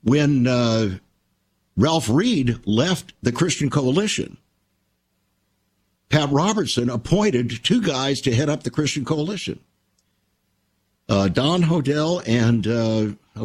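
An older man hosting a Christian radio talk show, telling stories in a measured, reflective way. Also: mid-range voice, lively intonation, breathy edge.

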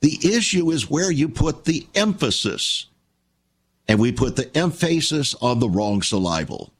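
Emphatic preacher with lively husky voice. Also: male voice, medium pitch, a little slow. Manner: emphatic preaching, reads scripture aloud, addresses listeners as friends. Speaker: preacher and ministry host. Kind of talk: radio sermon with donation appeal.

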